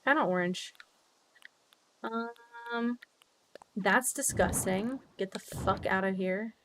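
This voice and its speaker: A young woman chatting casually with her viewers while playing a game, bubbly and quick to laugh, swearing freely with sudden high squeals. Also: fairly bright tone, soft background music. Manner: bubbly, swears freely, laughs often, big jumps in pitch. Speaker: streamer. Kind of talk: casual livestream chat while gaming.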